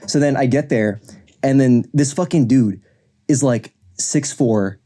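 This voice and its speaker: A man's voice: mid-range voice, unhurried, dark tone. A young man co-hosting a podcast, telling a long story in a rambling, casual way with lots of swearing and fillers. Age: young adult. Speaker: podcast co-host. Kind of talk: casual chat.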